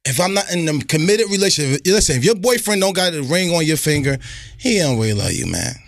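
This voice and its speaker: Excitable man guest, high voice, swings up and down a lot, casual podcast banter. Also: fast, creaky. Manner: animated, excitable, swearing.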